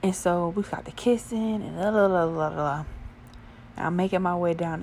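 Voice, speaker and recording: Young woman spilling a raunchy story, cussing a lot, kinda low voice, laughs all through it, faint hiss behind. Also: moderate pace. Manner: crude, profane and animated, with bursts of laughter. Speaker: vlogger. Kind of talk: casual storytelling.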